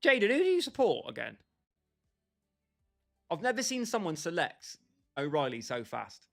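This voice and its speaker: A man's voice: a little high, huge pitch swings, moderate pace, gravelly, soft background music. A young man livestreaming a football game, bantering and joking with his chat and calling viewers by name. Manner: bantering, jokey, talks straight to chat by name. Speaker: gaming livestreamer.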